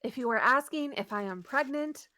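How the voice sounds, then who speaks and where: Woman with a higher voice, rambly tabletop player, lots of ums and giggles. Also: lively intonation, moderate pace, pushed and bright. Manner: rambling, giggly, full of fillers. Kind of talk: in-character tabletop role-play chat.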